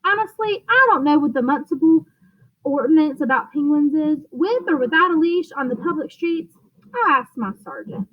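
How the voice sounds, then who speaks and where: A woman's voice: high-pitched, animated, normal speed, muffled recording. A woman reading aloud, voicing a puzzled, easygoing male policeman in a storybook.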